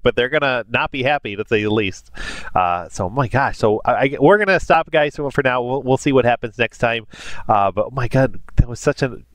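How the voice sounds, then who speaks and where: A man's voice: medium pitch, moderate pace, a bit bright, no room sound. A man hosting anime reactions in casual commentary, emotional and gushing, with many fillers. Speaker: anime reaction channel host.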